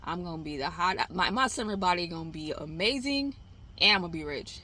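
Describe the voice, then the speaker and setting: A woman's voice: lowish voice, lively intonation, a little fast, pushed and bright. A tired woman rambling candidly at home in a casual vlog, swearing and laughing as she talks to herself. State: exhausted. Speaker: trading vlogger. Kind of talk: casual self-talk vlog.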